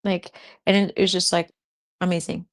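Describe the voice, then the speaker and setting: A woman chatting casually on a livestream, laughing often as she reacts to what viewers say. Her voice sits low with a gravelly fry running through it. She talks like a spiritual host among friends. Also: little pitch movement, normal speed. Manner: giggly, laughs often between remarks.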